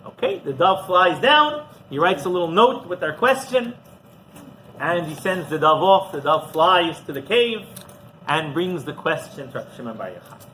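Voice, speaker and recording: A man, a rabbi, teaching a class through an animated story and often checking in with the listeners. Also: on the high side, normal speed, slight background noise, poor audio. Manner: animated storyteller who often asks "right?".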